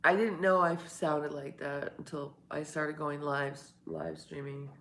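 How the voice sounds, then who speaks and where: A woman's voice: deep voice, fairly even intonation, measured pace, gravelly, a bit bright, a little hiss or hum. A woman live streaming a casual morning chat to her viewers. She has just woken up, her voice sounds congested as if she has a cold, and she rambles, laughs often and swears.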